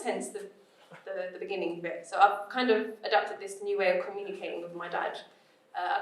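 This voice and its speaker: A young woman, a stand-up comedian chatting in an interview and laughing through her stories. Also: mid-range voice. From United Kingdom. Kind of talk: casual interview, with comic set excerpts.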